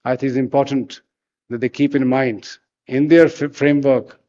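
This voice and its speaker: An older man with an Indian English accent, a business leader giving a formal conference speech in measured, emphatic short phrases from a podium. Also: medium pitch, steady tone, warm tone, highs cut off. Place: large conference hall.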